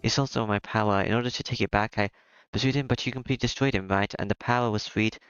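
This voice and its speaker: A man's voice: fairly low pitch, fairly even intonation, rapid-fire, highs cut off, close to an everyday voice. A man reading aloud the lines of a playful, teasing young vampire woman from a game, with occasional stumbles. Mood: explaining. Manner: read aloud plainly, with stumbles. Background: game music.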